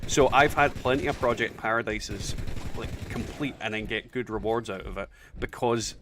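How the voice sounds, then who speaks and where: Swearing gamer dad. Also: male voice, on the low side, moderate pace, background noise. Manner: swears often, animated banter. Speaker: streamer host. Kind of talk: casual gaming chat.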